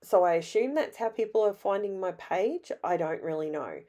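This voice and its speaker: A middle-aged Australian woman with a hoarse, raspy voice, chatting in a rambling, self-deprecating way as she narrates her scrapbooking. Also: mid-range voice, lively intonation, moderate pace, dark tone. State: hoarse from illness. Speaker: scrapbooking vlogger. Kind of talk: casual voice-over narration.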